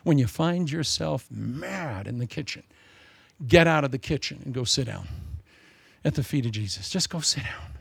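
Older preacher guy, joking and folksy, raspy-ish higher voice, dry close sound. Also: expressive, moderate pace, dry recording. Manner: folksy, humorous, swings from loud to soft. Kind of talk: sermon.

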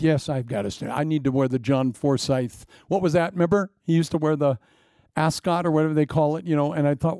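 Gravelly middle-aged male pastor, joking. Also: fairly high pitch, brisk, mellow, dry recording, studio quality. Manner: joking, conversational, with laughing asides. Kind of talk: sermon.

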